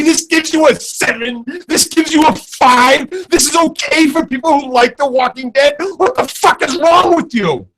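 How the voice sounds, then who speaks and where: A man with a very high-pitched voice tears into the subject in a furious, swearing rant. He hammers each point hard and keeps the indignation going from one sentence to the next. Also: fairly bright tone, rough recording. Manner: angry, swearing, emphatic. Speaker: guest reviewer. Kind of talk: profane ranting review.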